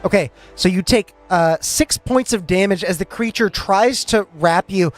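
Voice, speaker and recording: A man narrating as game master of a tabletop role-playing game, relaxed, with frequent hesitations. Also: high voice, a little slow, soft background music.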